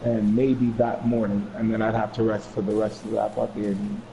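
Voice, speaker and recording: A man's voice: fairly low pitch, level tone, moderate pace, vocal fry, dark tone, a little hiss or hum, rough recording. A man chatting casually with a friend over voice chat, laid-back and swearing freely.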